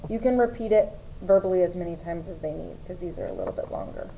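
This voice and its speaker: A young woman teaching first grade, explaining summer practice steps to parents and slowly sounding out words. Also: fairly low pitch, gravelly, warm tone, a little hiss or hum, poor audio. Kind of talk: instructional walkthrough for parents.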